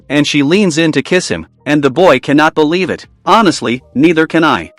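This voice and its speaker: A man with a fairly high voice retells a school romance drama in a scripted, casual recap, slipping in wry little asides. The sound is close and dry, with soft music playing underneath. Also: animated, normal speed, few pauses, dry recording. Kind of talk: scripted story recap narration.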